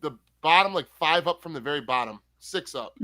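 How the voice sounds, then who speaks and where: A man's voice: on the high side, expressive, brisk, bright, forceful tone, no room sound. A man co-hosting a livestream chat, exasperated and openly swearing, calling people bro. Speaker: co-host. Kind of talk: heated casual chat.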